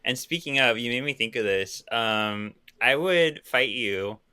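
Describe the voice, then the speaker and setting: A man's voice: medium pitch, unhurried, bright, forceful tone, clean tone. A man co-hosting a podcast, chatting casually and giving blunt, joking opinions. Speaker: podcast co-host.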